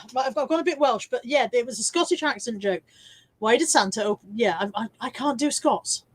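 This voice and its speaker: English woman hosting a live stream, chatty and self-mocking, bit higher pitch, casual home setup. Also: brisk, husky. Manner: chatty, self-mocking, reads viewer comments aloud.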